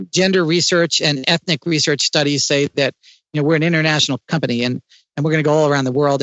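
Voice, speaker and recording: A man speaking as an interview guest, explaining ideas in a lively way with frequent restarts. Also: a little high, dry recording, highs cut off. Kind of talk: conversational interview.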